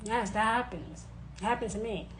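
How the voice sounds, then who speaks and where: A woman giving forceful advice in a monologue, hammering her points home by repeating them. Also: medium pitch, normal speed, background noise. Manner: insistent, repeating phrases for emphasis. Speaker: witch sharing advice. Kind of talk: emphatic monologue to camera.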